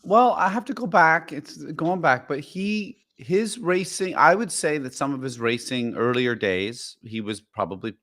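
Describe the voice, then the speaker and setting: A man's voice: a little high, animated, unhurried, hardly any pauses, fairly bright tone. A man co-hosting a podcast in casual chat, rambling and opinionated, full of fillers. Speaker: podcast co-host.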